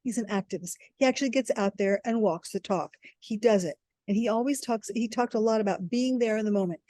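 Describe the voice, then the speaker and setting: A woman's voice: mid-range voice, brisk, dark tone, no echo. A woman co-hosting a podcast, reflecting enthusiastically and thinking aloud about what she learned. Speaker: podcast co-host. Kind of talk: casual reflective chat.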